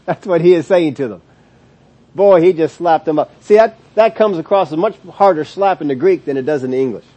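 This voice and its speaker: A male Bible teacher in mid-sermon, his voice sitting a little higher than most men's. He leans hard on key words, slowing right down to stress them, then rushes on with restarts and little chuckles as he explains. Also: warm tone. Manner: chuckles between points.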